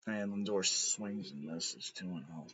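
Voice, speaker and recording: Fed up guy streaming a ballgame reaction, bright edgy voice, dry dull lo-fi mic. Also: sits low, a little slow, slightly rough. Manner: frustrated, swearing, bursts into shouting. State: exhausted. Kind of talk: live game reaction commentary.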